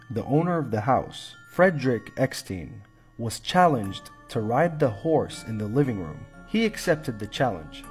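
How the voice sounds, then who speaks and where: A man's voice: medium pitch, darkish tone. A man narrating a scripted countdown of haunted places in a dramatic, spooky manner.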